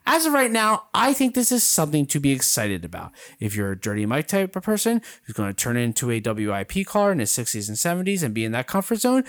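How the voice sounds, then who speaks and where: A man hosting a casual sports podcast, trading jokes and rambling opinions with his co-hosts. His pitch swings widely and lively from phrase to phrase. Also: fast, few pauses. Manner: wisecracking, rambling banter. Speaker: podcast host.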